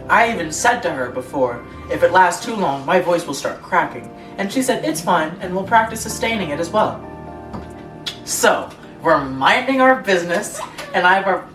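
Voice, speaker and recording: A young woman co-hosting a casual chat, reading online posts aloud with laughing asides. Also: fairly low pitch. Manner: giggly, reads aloud with frequent laughing asides. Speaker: co-host reading online stories. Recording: echoey room, distant from mic, music behind.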